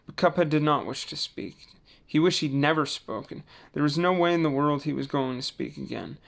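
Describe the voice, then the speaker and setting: Gravelly man reading a storybook. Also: on the high side, normal speed. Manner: relaxed, with small slips and self-corrections. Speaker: storybook reader. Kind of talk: reading a children's novel aloud.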